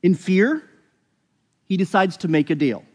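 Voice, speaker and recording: A man's voice: sits high, lively intonation, unhurried. Earnest man preaching in a reverberant hall. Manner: earnest, explanatory, self-correcting. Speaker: pastor. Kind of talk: sermon.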